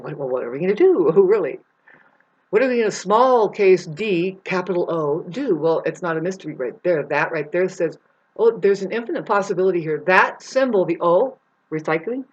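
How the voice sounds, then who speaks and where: A woman talking in a rambling, meandering monologue, jumping between loud bursts and low mutters and swearing freely. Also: lively intonation, moderate pace, breathy edge. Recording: dull lo-fi sound.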